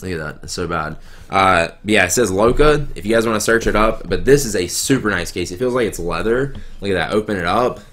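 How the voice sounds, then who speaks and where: A young man with a Southern US accent, a little sick, rambling excitedly through a live unboxing at home. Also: on the low side, fairly quick. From American South. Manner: rambling, filler-heavy, excitable. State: sick, coughing. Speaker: YouTuber. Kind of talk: live-streamed unboxing chat. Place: home room, girlfriend nearby. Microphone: webcam.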